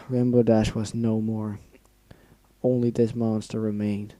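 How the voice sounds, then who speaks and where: A man's voice: fairly low pitch, level tone, slow pace, mellow, dry recording, poor audio. A man reading a fan-fiction story aloud, stopping now and then to react with feeling. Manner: reads aloud, breaks off to react emotionally and swear. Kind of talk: dramatic reading with asides.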